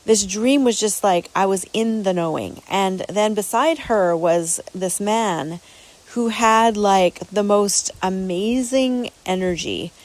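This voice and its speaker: A woman's voice: mid-range voice, slow, a little mellow, rough recording. A woman hosting a podcast, telling a personal story casually in an earnest, rambling way, with many repeated words and restarts. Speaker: podcast host.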